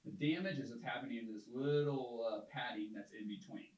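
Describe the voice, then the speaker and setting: A man's voice: medium pitch, a little fast, darkish tone. A man who is a guest expert on a podcast, explaining step by step with many ums and uhs. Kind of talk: casual explanatory talk. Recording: roomy, a little distant from the mic.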